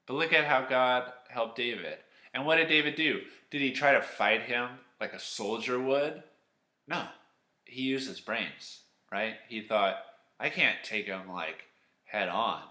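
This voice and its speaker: A man teaching children, telling a Bible story in a chatty, animated way, acting out the characters and asking the kids questions. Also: mid-range voice, roomy sound.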